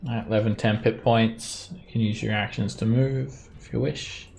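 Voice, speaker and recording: A man's voice: fairly low pitch, steady tone, moderate pace, vocal fry, a little mellow, soft background music. A man running an online tabletop game as game master, explaining rules plainly with hesitant fillers.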